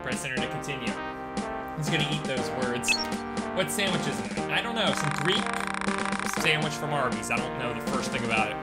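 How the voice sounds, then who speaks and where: A man talks casually and jokes through a game stream. His pitch moves around a lot. Loud game music sits behind him throughout. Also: a little fast. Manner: chatty, joking, animated. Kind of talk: casual gameplay commentary.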